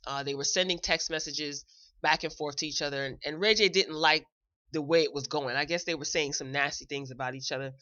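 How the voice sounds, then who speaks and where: A woman's voice: low voice, sharp tone, dull audio. A woman hosting a show, giving a chatty, opinionated recap in a casual, blunt way. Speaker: show host reviewing a celebrity video.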